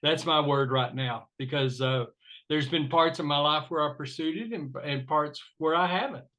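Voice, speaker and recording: A man's voice: fairly high pitch, normal speed, sharp tone, poor audio. Older West Texas guy, folksy guest, earnest and gracious. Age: 60s. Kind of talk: casual interview conversation.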